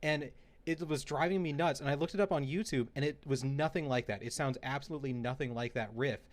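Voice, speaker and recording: A man co-hosting a relaxed chat podcast, settling into a long anecdote. He tells it with building animation and keeps laughing along at his own story. His voice sits at an ordinary middle pitch. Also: fast talker. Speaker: podcast co-host. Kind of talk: casual chat.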